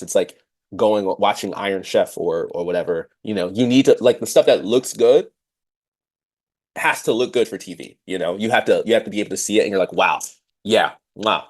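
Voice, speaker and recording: A man in his thirties talks casually on a podcast, his voice sitting low. He thinks aloud with plenty of fillers and now and then jumps up to act out what he once said. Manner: reflective, many fillers, animated quotes of himself. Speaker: podcast host. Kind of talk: casual conversational chat.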